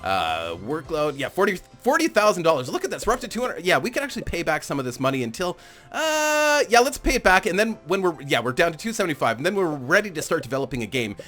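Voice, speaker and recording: A man's voice: on the high side, a bit bright. A man casually commentating on a management game he is playing, rambling and amused at himself, laughing often. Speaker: gaming channel host.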